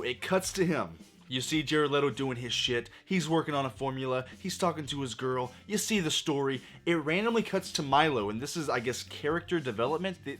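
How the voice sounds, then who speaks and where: A hoarse man tears into a film with exasperated, profane emphasis. His voice sits a bit high for a man. Soft music runs behind him. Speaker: movie reviewer. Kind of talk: ranting film review.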